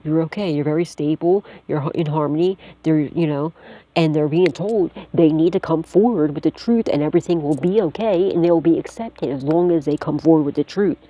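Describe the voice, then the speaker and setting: A woman's voice: low-pitched, a little fast, warm tone. A woman giving a casual psychic tarot reading, talking straight to the listener in a blunt, slangy way and swearing freely while reassuring them. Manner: reassuring, addresses the listener directly.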